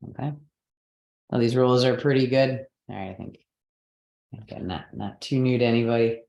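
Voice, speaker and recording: A man gives a patient, step-by-step lesson, pausing often to check that his listeners follow. His voice sits at an ordinary middle pitch. The sound carries a noticeable room echo. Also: creaky, a little mellow, highs cut off. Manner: patient, explanatory, checks in with "okay" and "right". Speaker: teacher. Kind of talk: online lesson on Sanskrit pronunciation.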